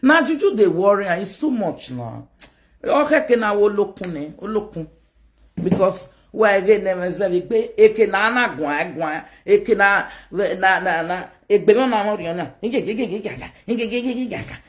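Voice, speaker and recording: Nigerian lady going off to camera, rambly and animated, mid-pitched, hopping between pidgin and local words. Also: normal speed. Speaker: online video host. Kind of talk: casual rant to camera.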